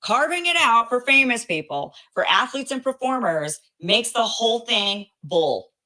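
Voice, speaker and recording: A woman's voice: on the high side, big pitch swings, a little slow, pushed and bright. A woman hosting a commentary show, reading out a court ruling and reacting with passion, at times emotional. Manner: impassioned, emphatic, gets emotional.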